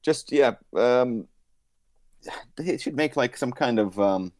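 A man's voice: mid-range voice, lively intonation, slow pace, a little mellow, no echo. A man co-hosting a comedy podcast who rambles into goofy bits and laughs at them himself. His voice climbs and dips a lot, and the recording is dry and close. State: groggy from a nap. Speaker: podcast co-host. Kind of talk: casual comedic banter.

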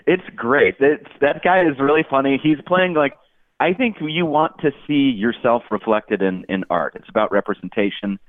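A man's voice: medium pitch, normal speed, dry recording. A man chatting casually and laughing often as a podcast guest. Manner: laughing, rambling. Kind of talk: casual chat. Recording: dry tinny phone-like line.

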